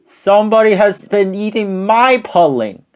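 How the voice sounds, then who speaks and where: A man voicing a big father bear in a storybook reading, loud and indignant. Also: sits high, expressive, measured pace, clean tone, voice pushed up.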